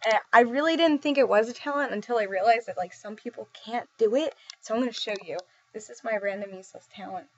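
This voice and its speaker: A woman's voice: on the high side, fast talker, hardly any pauses. A young woman vlogging in a casual, rambling way, giggly and self-deprecating as she answers questions. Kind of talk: casual chat. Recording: dull dry lo-fi recording.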